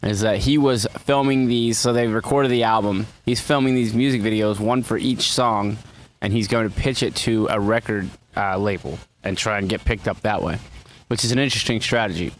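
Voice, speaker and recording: A man's voice: on the low side, moderate pace, a little hiss or hum. A man co-hosting a casual podcast chat, rambling and restarting his sentences as he talks about music gigs. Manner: rambling, restarts and repeats phrases. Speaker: podcast co-host.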